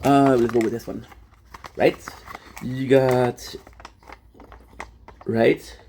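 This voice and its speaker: A man's voice: medium pitch, level tone, very slow, dark tone, a little hiss or hum. A young French-Canadian man, native French speaker, rambling casually on a live stream and answering chat with many fillers. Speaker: livestreamer.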